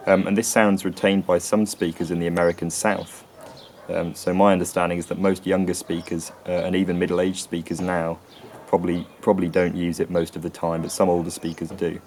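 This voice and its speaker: A man presenting an educational talk to camera outdoors, measured and explanatory, often correcting himself. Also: low-pitched, a little mellow, slight background noise. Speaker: video presenter on accents. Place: outdoors near a tree with birds.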